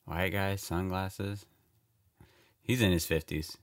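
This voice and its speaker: Male movie reactor, lowish voice with lively swings; talks back at the screen, laughs, swears. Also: takes it slowly. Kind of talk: casual reaction commentary.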